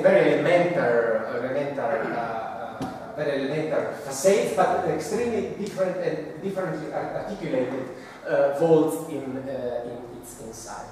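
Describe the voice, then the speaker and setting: A man giving an architecture lecture, halting and searching for words with many pauses. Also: mid-range voice, darkish tone, a little hiss or hum. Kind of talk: academic talk with slides. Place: large hall. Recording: echoey hall recorded from far off.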